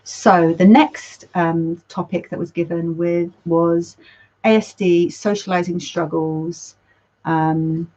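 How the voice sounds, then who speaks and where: Acting as a counsellor, a woman hosts a community chat in a casual, rambling way, correcting herself and occasionally swearing. Her fairly low, steady voice is slow and mellow, and the lo-fi recording sounds dull.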